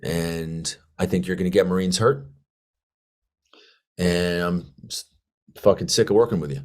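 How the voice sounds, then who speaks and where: Man quoting a profane, defiant staff sergeant, low voice, dead-level bluntness. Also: steady tone, measured pace. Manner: profane, confrontational. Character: blunt fed-up male Marine staff sergeant.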